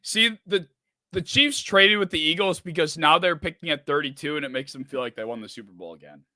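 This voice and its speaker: Bright-voiced man ranting on a stream. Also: fairly high pitch, brisk, no echo, studio quality. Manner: frustrated swearing, rambling rants. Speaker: streamer host. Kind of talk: live draft reaction stream.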